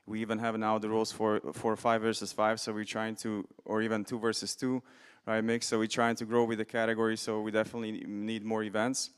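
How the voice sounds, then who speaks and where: A man's voice: on the low side, completely flat delivery, fairly quick, smooth. A man speaking as a division official at a conference panel, matter-of-fact, with many fillers.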